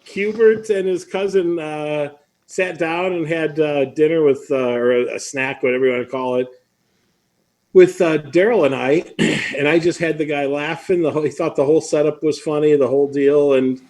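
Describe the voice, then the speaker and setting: A man hosting a live stream on a video call, his voice pitched a little high. He chats casually and tells stories with plenty of asides and laughter. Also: moderate pace. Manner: chatty storyteller, lively asides and laughs. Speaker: host.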